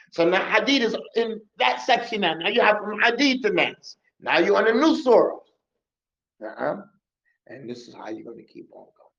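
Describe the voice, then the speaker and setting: A man's voice: high voice, fairly bright tone. A man giving a mosque lesson on memorizing scripture, coaching and repeating himself, slipping in Arabic words. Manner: repetitive, coaching, drops in Arabic words and recitation. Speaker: Quran teacher. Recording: muffled lo-fi recording.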